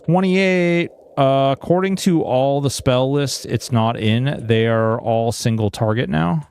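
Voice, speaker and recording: A man's voice: medium pitch, a little slow, a little mellow, smooth. A man streaming a game in casual chat, reading viewer messages aloud and talking freely with lots of fillers.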